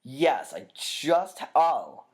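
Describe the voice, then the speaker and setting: A man's voice: fairly high pitch, big pitch swings, drawn-out words, a little mellow. A man co-hosting a podcast in casual chat, easygoing and often answering with short agreeing replies. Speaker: podcast co-host.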